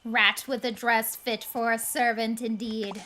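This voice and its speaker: Slow, bright-voiced woman with haughty queen airs. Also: fairly high pitch, flat delivery, a little hiss or hum. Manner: haughty, mocking evil-queen persona. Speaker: streamer. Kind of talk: in-character gameplay commentary.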